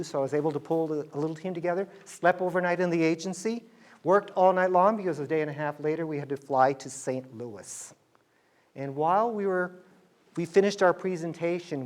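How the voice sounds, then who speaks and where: A middle-aged man telling a business story to students, acting out the dialogue in quoted voices. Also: on the high side.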